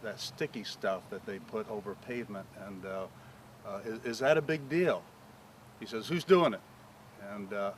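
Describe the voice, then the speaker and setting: A pastor telling a story outdoors, acting out the voices of the people in it. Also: male voice, lowish voice, slight background noise. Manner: animated storyteller acting out quoted dialogue. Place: outdoors on a paved property.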